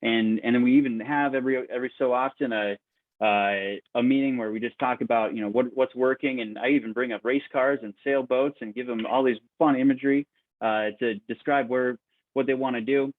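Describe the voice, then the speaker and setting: A man's voice: medium pitch, steady tone, a little fast, dry recording, close to an everyday voice. A man voicing a frustrated, defensive shepherd in a told story, over tinny call audio.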